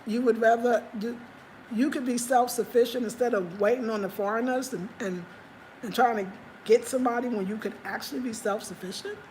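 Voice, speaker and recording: A woman's voice: a little high, a little fast, darkish tone, slight background noise. A woman vlogging in casual chat, rambling and emphatic. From United States.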